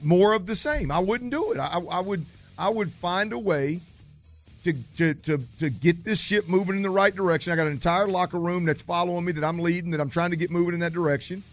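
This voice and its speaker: A man's voice: sits high, brisk, soft background music. A man co-hosting sports talk radio, making emphatic, impassioned arguments.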